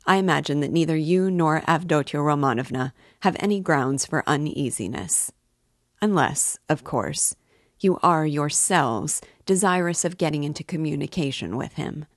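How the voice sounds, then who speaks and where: A woman reading a pompous middle-aged gentleman. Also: low voice, no room sound, clean studio sound. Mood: measured. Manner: formal, measured, self-important.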